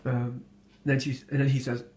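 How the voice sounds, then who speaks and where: A man's voice: mid-range voice, level tone, normal speed, darkish tone, slight background noise. Amused, hesitant male storyteller. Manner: hesitant, many fillers and restarts, amused. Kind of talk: casual storytelling.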